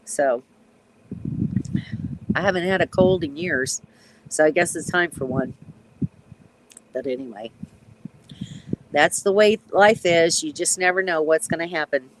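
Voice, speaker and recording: A woman in her sixties, a retired nurse, chatting casually on a live stream from her backyard, with a stuffy, runny nose, clearing her throat and chuckling. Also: fairly low pitch, a little slow, long pauses, slight background noise, rough recording. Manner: chatty, reads out comments, frequent ums and chuckles.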